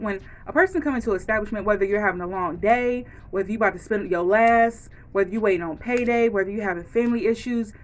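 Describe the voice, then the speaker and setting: A woman ranting frankly to camera in a casual vlog, acting out quoted lines as she goes. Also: mid-range voice. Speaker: vlogger.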